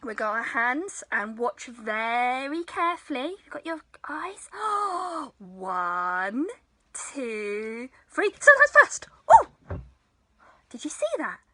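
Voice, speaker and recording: Lively woman hosting a children's story time, bright voice, slow and sing-song, dry close sound. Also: a little high, no echo, poor audio. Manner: animated, playful, with gasps and hushed asides.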